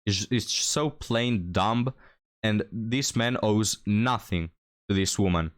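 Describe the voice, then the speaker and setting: A man with a low-set voice delivers mocking reaction commentary. He lectures with open scorn, talking straight to his listeners. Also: takes it slowly.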